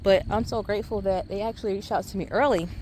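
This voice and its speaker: A middle-aged woman, a high school teacher chatting casually to camera in her classroom, calling viewers y'all. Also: fairly even intonation, fast, darkish tone, a little hiss or hum. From Savannah, Georgia. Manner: chatty, addresses viewers as y'all, many ums. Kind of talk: casual vlog chat to camera.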